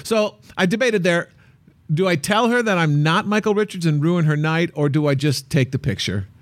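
A man co-hosting a travel show, chatting casually and telling an animated, playful anecdote. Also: a little high, normal speed, no room sound. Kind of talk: casual chat.

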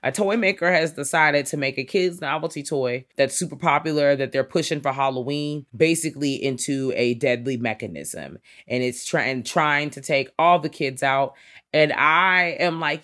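A woman's voice: sits low, normal speed, fairly bright tone. A woman co-hosting a casual horror movie chat, sassy and slangy. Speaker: podcast co-host.

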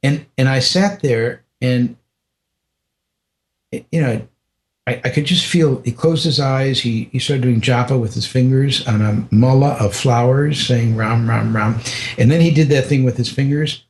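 Older American man telling a story. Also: mid-range voice. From United States. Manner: reflective, unhurried, many restarts and small laughs. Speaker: podcast guest. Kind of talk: personal storytelling in conversation.

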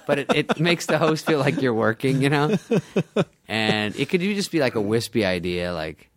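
A man's voice: mid-range voice, animated, moderate pace. A man tells show-business stories on the radio, laughing often and jumping into other people's voices. He talks casually and swears freely. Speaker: guest comedian. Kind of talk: storytelling in a radio interview.

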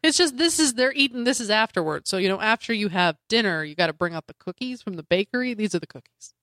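A woman co-hosting a casual comedy podcast, retelling a comic book with laughs and animated asides. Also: medium pitch, quick pace, no echo, studio quality. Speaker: podcast co-host.

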